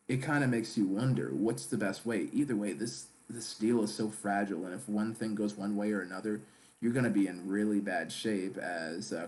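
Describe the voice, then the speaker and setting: Male stream host, lowish voice, casual chatty commentary, reads the live chat aloud. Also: a little mellow.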